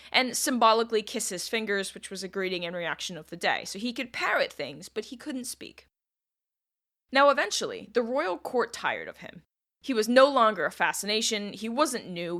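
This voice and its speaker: Chatty woman telling history, slightly high. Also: fairly bright tone. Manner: wry, chatty asides. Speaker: podcast host. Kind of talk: casual history storytelling.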